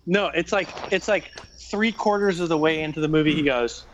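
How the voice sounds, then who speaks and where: A man's voice: on the high side, fairly quick. A man in casual chat, sarcastically retelling a movie plot and swearing. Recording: dull, slightly noisy sound.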